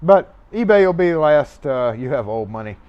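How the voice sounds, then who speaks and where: This locksmith livestream comes from a man in his shop who chats casually and rambles, swearing and chuckling as he handles a lock. His slightly high voice is smooth and sing-song at a moderate pace, though the mobile mic makes the audio dull.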